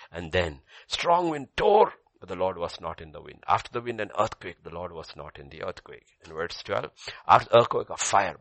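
An older male pastor delivers a sermon in a low, gravelly voice that moves over a wide, lively range. He swings from loud emphasis down to soft near-whispers and repeats key phrases. The sound is husky and dry, close and without room echo.

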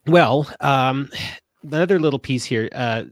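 A man's voice: medium pitch, measured pace, no echo, studio quality. A man from Canada co-hosting a casual live-stream show, chatty and laughing, with lots of fillers and restarts. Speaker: podcast co-host.

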